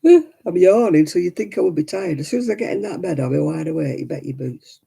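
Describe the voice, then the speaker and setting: A woman's voice: fairly low pitch, lively intonation, quick pace, creaky, dark tone, breathy edge. A middle-aged woman chatting casually while knitting on a crafting livestream, cooing baby talk to her dog in between.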